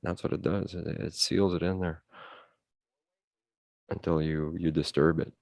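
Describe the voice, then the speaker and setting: A man's voice: deep voice, level tone, measured pace, a little mellow, no echo, studio quality. A man from Ottawa with a slight French Canadian accent, chatting casually and rambling as a guest on a live stream over a video call. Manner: rambling, repeats words, laid-back. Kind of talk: casual chat.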